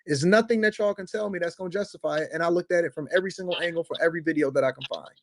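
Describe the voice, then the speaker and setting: A man in a heated debate who argues forcefully, interrupts, swears and repeats himself. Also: on the high side, rapid-fire, slight background noise. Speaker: panel speaker.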